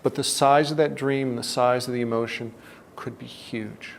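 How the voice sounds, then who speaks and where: A man giving a reflective self-help talk, deliberate and often dropping to a soft, low tone. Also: fairly even intonation, gravelly, a little hiss or hum.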